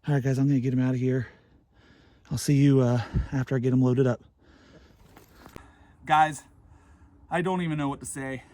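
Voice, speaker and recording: A man recording a hunting vlog outdoors from a blind, talking in an excited, breathless way and often repeating himself. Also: mid-range voice, normal speed, long pauses, no room sound. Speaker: hunting vlogger.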